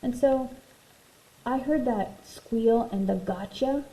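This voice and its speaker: Female teacher, read-aloud lesson for kids, expressive, gravelly warm tone, roomy echo, faint hiss. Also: on the high side, slow pace. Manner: expressive, talks to young pupils between read passages. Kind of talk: reading a picture book aloud to children. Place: home room, virtual class recording.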